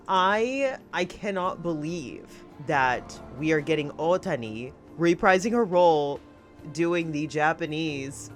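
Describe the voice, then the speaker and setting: A woman's voice: on the low side, very animated, a little slow, faint music behind. A woman hosting an anime reaction video, gushing and giggly, laughing often and close to tears. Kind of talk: excited reaction commentary.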